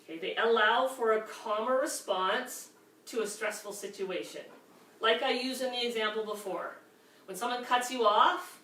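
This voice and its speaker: Canadian woman teaching a class, kinda high voice, lots of okay and right, echoey room mic far off. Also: normal speed, bright, forceful tone. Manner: conversational, frequent "okay" and "right" check-ins. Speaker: workshop instructor. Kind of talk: class lecture on anger management. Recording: echoey room, distant mic, faint ambience.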